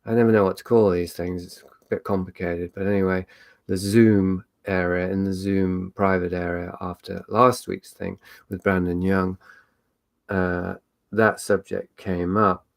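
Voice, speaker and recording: A man's voice: deep voice, flat delivery, a little slow, creaky, dry recording. A man hosting a live online meet, talking in a rambling, reflective way with many fillers and restarts. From England. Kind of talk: casual solo talk.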